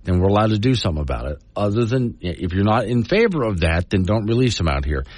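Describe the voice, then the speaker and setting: Low-voiced man with lively talk-radio delivery. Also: fast, no room sound. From Wyoming. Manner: folksy, argumentative, reads news quotes aloud. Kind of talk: opinionated talk radio commentary.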